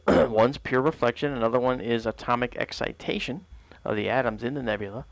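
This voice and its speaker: A man hosts a late-night astronomy livestream in a chatty, rambling way, full of fillers as he explains. His voice has a gravelly texture and sits at a middle pitch. The sound is dry and close. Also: no echo, poor audio. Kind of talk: casual live-stream talk. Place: outdoors at night by a telescope.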